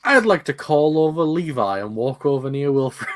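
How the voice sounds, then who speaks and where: A man's voice: a little high, no room sound, studio quality. A man taking part as a player in a tabletop game, chatting casually.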